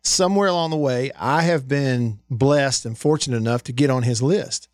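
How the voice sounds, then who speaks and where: A man's voice: medium pitch, normal speed, dry recording. A man co-hosting a sports radio show, chatting casually, laughing often and telling stories. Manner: laughing, storytelling. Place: radio studio.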